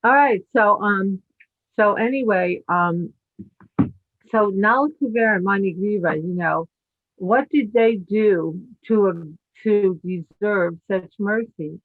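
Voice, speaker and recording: A woman telling a devotional story in an animated, chatty way, full of fillers, over a video call. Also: medium pitch, takes it slowly. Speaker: devotional speaker. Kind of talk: storytelling talk. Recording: tinny phone-like call audio.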